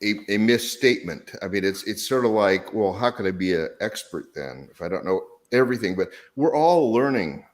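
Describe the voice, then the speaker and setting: A man's voice: fairly low pitch, expressive, normal speed, few pauses. A man with hiccups, a regular on the show, chatting over a video call in a rambling, self-deprecating, hesitant way. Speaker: regular co-host. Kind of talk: casual video chat.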